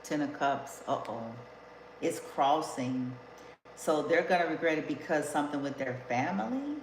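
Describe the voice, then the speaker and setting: A woman's voice: low-pitched, animated, normal speed. A woman giving a casual tarot reading, talking bluntly and emphatically and swearing freely. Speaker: tarot reader. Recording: echoey room with background noise.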